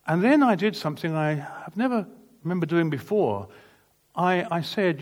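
A man's voice: on the high side, animated, normal speed. Earnest man preaching a sermon. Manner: earnest, emphatic testimony with vivid retold dialogue. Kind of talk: sermon storytelling.

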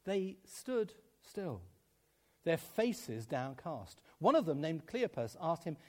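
A man preaching to his congregation, his voice rising and falling widely as he acts out each conversation. He sits a little higher than most men and laughs easily between lines. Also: big pitch swings, slow, warm tone. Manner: storytelling with acted dialogue, laughing often. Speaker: pastor. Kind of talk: sermon.

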